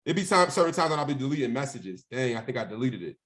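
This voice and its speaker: A man speaking as a guest at a mentorship session, telling his own story in a casual, animated, slangy way. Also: medium pitch, quick pace.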